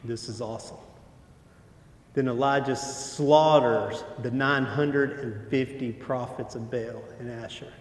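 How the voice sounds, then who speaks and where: A man's voice: mid-range voice, steady tone, unhurried. A man preaching a casual sermon as a pastor, informal and joking, with lots of filler words, on a stage under hot lights. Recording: echoey hall, long reverb.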